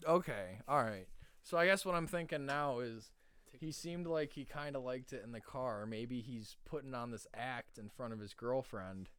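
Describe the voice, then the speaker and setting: A young man co-hosting a casual podcast, animated, swearing and laughing a lot. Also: mid-range voice, moderate pace, clear, resonant tone, dry recording. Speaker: podcast co-host. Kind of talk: casual chat.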